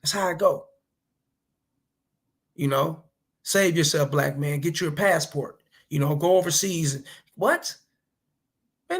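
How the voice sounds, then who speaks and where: A man's voice: on the high side, breathy edge. A man giving casual reaction commentary, blunt and profane, lecturing other men with preachy advice. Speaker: commentary vlogger.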